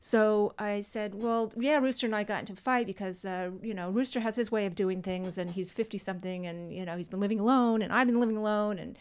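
A middle-aged woman hosts a relaxed conversational interview. She is a personal fitness trainer, and she tells her stories with animated emphasis and frequent laughter. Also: mid-range voice, clear, resonant tone. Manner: animated and expressive, laughs easily. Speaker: podcast host and fitness trainer.

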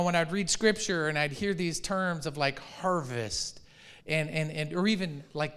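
A man preaching a sermon as pastor, animated and conversational, acting out quoted reactions and asking the congregation questions. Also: on the high side. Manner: restarts and repeats words often.

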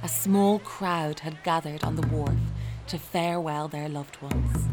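A woman narrating a historical story in a measured, dramatic way. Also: lowish voice, over loud music.

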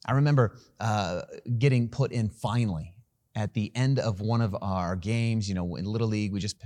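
A man preaching a sermon who tells a personal story in an animated, self-deprecating way and laughs at himself. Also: on the low side, moderate pace, no echo. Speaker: pastor.

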